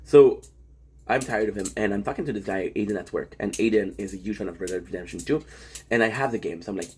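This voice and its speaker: A man streamer talking in a casual vlog monologue, rambling and profane, telling stories in an animated way. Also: fairly low pitch, fast talker, husky.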